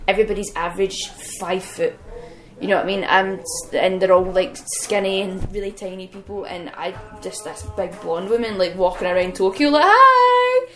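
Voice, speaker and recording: A young woman, a wrestler, telling lively stories as an interview guest and laughing often. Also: on the low side, brisk, soft background music, poor audio. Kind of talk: casual anecdotal storytelling.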